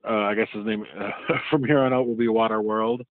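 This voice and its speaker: Rambling low-voiced podcast host. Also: male voice, steady tone, fairly quick, no room sound. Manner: rambling, laughing, full of fillers. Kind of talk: comic video recap. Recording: tinny phone-like sound.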